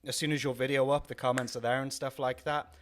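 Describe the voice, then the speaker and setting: A man's voice: mid-range voice, level tone, quick pace, slight background noise. A young man from North Wales with a mixed, faintly Welsh accent, chatting casually on a podcast, rambling with many fillers and restarts. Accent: mixed, faintly Welsh with southern English traces. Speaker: podcast co-host. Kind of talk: casual chat.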